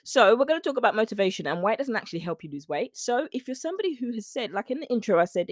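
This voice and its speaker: A woman's voice: mid-range voice, sing-song, fast, few pauses, no room sound, clean studio sound. A woman hosting a solo podcast as a nutrition coach, chatty and rambling, with playful asides. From United Kingdom.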